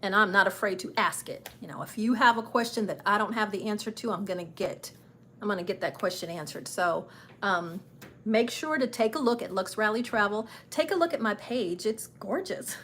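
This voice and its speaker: A woman's voice: medium pitch, moderate pace, a bit bright, a little hiss or hum. A middle-aged woman chatting casually on a travel livestream, a little nervous and self-deprecating. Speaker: travel vlogger and travel agent.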